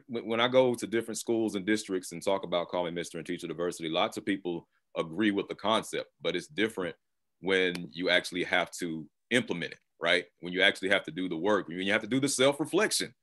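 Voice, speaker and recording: A man moderating a panel discussion over a video call, relaxed and conversational. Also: low voice. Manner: relaxed and conversational, with occasional laughs.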